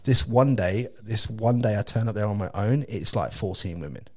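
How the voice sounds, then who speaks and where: A man in his thirties from England with an English accent, hosting a podcast and telling a story in casual, animated chat, laughing often and swearing freely. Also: on the low side, moderate pace. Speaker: podcast host.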